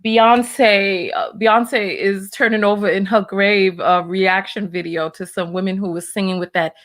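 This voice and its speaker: A woman hosting a reaction video, flustered and stammering as she pauses and sorts out her audio. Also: mid-range voice, fairly even intonation, fairly bright tone. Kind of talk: casual reaction commentary.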